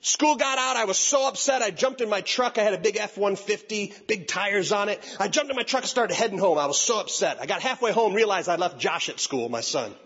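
A high, lively man with a slightly husky edge tells a comic story from the stage, leaping between voices as he acts out every character. His voice is bright, and the recording is dull and lo-fi. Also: brisk, few pauses. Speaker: youth pastor and speaker.

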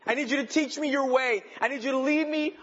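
A man preaching a sermon, moving between urgent, passionate pleas and quiet, reflective asides. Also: very high voice, brisk, lo-fi sound. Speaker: pastor.

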